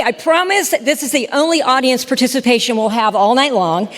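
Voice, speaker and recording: A woman, telling her story in a lively, chatty speech to a live audience. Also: fairly high pitch, moderate pace, few pauses. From Southern United States. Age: 60s. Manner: animated, chatty, talks straight to the crowd. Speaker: storyteller and podcast host giving a talk. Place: lecture hall with a live audience. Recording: reverberant hall.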